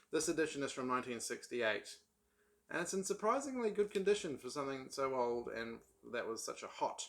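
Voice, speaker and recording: With a mid-range, fairly bright voice, a man vlogs about his collection of old paperbacks. It's loose, meandering chat, peppered with ums and false starts.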